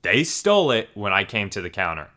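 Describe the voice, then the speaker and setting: A man hosting a channel and narrating online posts in an animated, expressive storytelling way. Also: fairly low pitch, brisk. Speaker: channel host reading stories.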